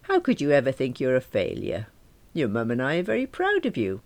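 A woman reads a mild, kindly older father who talks softly and gently. The voice keeps a gravelly texture and drifts up and down in pitch as he coaxes. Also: huge pitch swings, a little fast, no echo, full character voice. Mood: tender. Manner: soft, gentle.

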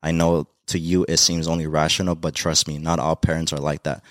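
A man's voice: very deep voice, flat delivery, a little fast, fairly bright tone, dry recording, studio quality. A young man from Mexico, a podcast guest, talking in a heartfelt, rambling way with many fillers about being a dad. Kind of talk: emotional casual conversation.

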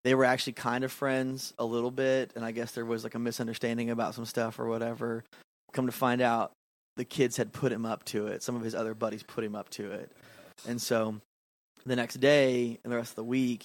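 A man's voice: mid-range voice, flat delivery, brisk. A man co-hosting a podcast and telling a story in casual chat, acting out quotes and laughing often. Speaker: podcast co-host, youth pastor.

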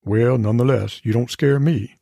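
A man voicing an excitable, territorial female border collie who blusters threats at a cat. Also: medium pitch, normal speed, gravelly, husky, dry recording, clean studio sound, heavily acted. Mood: bristling.

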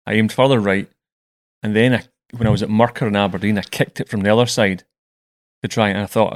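A man's voice: fairly low pitch, steady tone, fairly quick, no echo, studio quality. Man in casual podcast chat. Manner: chatty storyteller, stumbles and repeats words. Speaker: podcast host.

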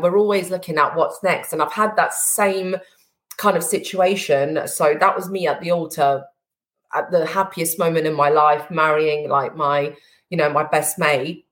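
Businesswoman guest, somewhat low voice, emotional, halting delivery. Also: fairly bright tone. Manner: emotional, halting, many "you know" fillers. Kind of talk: casual interview chat.

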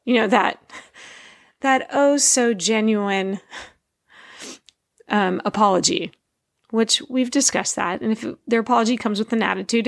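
Earnest woman with a gravelly edge. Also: medium pitch, no echo, studio quality. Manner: earnest, conversational, slows to stress points. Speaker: Christian speaker, parent. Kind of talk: informal faith talk.

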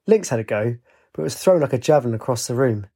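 A fast-talking man with a mid-range voice reads a story aloud for an audiobook. His lively narration includes put-on voices for the characters' dialogue.

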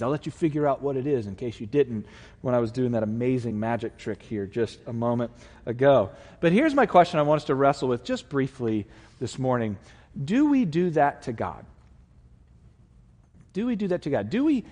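Conversational pastor preaching in a reverberant hall. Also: male voice, medium pitch, a little mellow. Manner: conversational, folksy, with many fillers. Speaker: lead pastor. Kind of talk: sermon. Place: church sanctuary. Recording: long reverb of a large hall.

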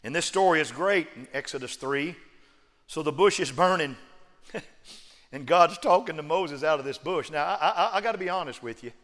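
A man preaching a sermon, joking one moment and shouting emphatic refrains the next. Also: fairly high pitch, normal speed. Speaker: pastor. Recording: long reverb of a large hall.

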